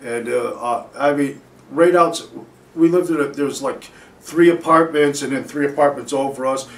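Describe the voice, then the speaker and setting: A man's voice: medium pitch, normal speed, far from the mic. A man being interviewed, telling a casual anecdote in a rambling, profane way, breaking off and restarting his sentences. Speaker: interview guest. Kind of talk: casual storytelling. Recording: echoey room, voice from away from the mic.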